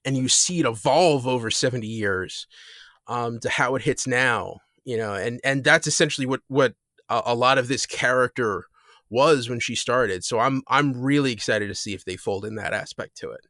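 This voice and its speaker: Male podcast co-host, mid-pitch, dry close sound, eager and rambly delivery. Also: moderate pace, a bit bright, no room sound. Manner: enthusiastic, rambling with many fillers and restarts. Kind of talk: casual chat.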